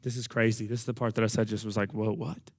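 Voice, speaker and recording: A man preaching a sermon in a folksy, animated way, talking straight to his congregation. His voice is going hoarse and he is short of breath. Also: on the low side, very fast.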